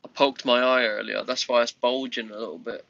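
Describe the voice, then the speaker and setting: A man chatting to viewers on his live stream, tired, rambling and halting with many restarts. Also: medium pitch, steady tone, vocal fry, bright, forceful tone, no echo. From United Kingdom. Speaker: livestream host. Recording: lo-fi muffled livestream audio.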